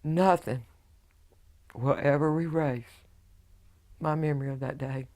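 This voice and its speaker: A middle-aged woman, a widow giving emotional personal testimony in a halting way, full of quoted dialogue. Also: sits low, fairly even intonation, darkish tone. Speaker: widow telling her story.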